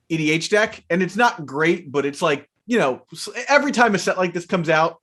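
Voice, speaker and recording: A man co-hosting a casual podcast, reading card text aloud and chatting in a relaxed way with plenty of fillers. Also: on the high side. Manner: laid-back, reads card text aloud, frequent fillers. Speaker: podcast co-host. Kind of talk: casual chat about card game spoilers.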